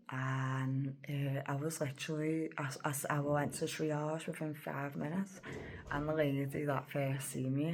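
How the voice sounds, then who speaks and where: A woman's voice: a bass voice, gravelly, a little mellow. A woman telling a personal story in a rambling, emotional vlog, often dropping to a whisper. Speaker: vlogger.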